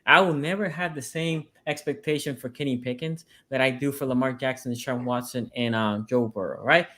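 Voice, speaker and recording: A man's voice: medium pitch, a little fast, a bit bright. A man on a sports podcast debating his team's game, stressing points by repeating them. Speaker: sports podcast panelist, team fan.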